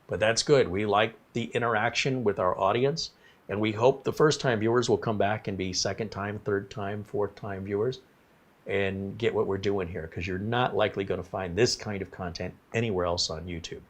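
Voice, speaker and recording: A man's voice: on the low side, moderate pace. A man hosting a casual livestream, talking in a rambling, apologetic way and reading viewer comments aloud. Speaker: livestream host.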